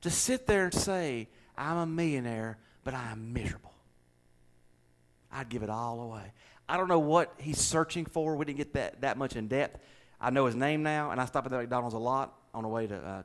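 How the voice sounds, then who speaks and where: A middle-aged man with a Southern US accent, a pastor chatting casually and telling a story with animated delivery and repeated words. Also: medium pitch, quick pace, hardly any pauses. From American South. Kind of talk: casual chat with co-hosts.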